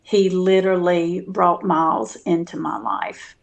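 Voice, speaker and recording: A woman's voice: fairly low pitch, steady tone, measured pace, vocal fry. A woman guest telling a personal story in casual interview talk, earnest and full of fillers and restarts.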